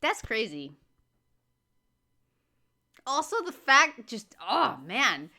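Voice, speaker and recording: Woman, reaction host, casual commentary, high bright voice, incredulous questions. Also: big pitch swings, extremely slow. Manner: exclaiming, full of incredulous questions.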